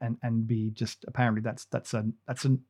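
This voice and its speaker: A man's voice: medium pitch, level tone, a little fast, darkish tone. A man hosting a casual chat, rambling with many restarts and playful teasing. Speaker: podcast host.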